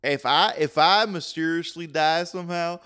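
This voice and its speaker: A man's voice: on the high side, normal speed, bright, forceful tone, smooth. A man with a Southern US accent co-hosting a comedic podcast, playfully prompting and teasing his partner. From American South. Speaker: podcast co-host.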